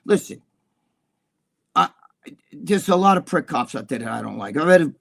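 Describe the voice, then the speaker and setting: Profane, blunt co-host, a man, slightly high voice, dry close sound. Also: lively intonation, moderate pace, creaky, breathy edge, dry recording. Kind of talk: casual talk show chat.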